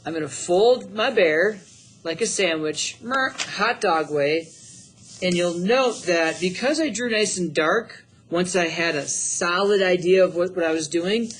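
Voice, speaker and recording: A man's voice: sits high, a bit bright, a little hiss or hum. A middle-aged man teaching a drawing lesson, upbeat and encouraging, thinking aloud as he works. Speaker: art teacher.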